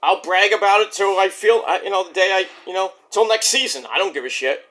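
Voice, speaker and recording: A man's voice: sits high, fairly quick, fairly bright tone. A man, ranting bluntly and profanely in a rambling casual monologue as a vlog host.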